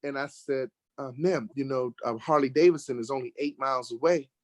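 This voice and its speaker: An American man telling a lively road-trip story in casual conversation, getting worked up when he acts out arguments. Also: mid-range voice, fairly quick, no room sound. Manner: animated storyteller, rising sharply when acting out arguments. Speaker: guest telling a travel story. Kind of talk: casual storytelling in an online talk show.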